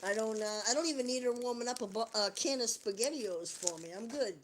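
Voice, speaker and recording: A woman talking straight to her viewers on a live stream, sliding loosely from one thought to the next and dropping curse words freely. Her voice sits a little higher than most. It has the loose, joking feel of someone chatting alone at home. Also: fairly quick, slight background noise. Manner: profane, rambling, jokey. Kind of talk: casual livestream chat.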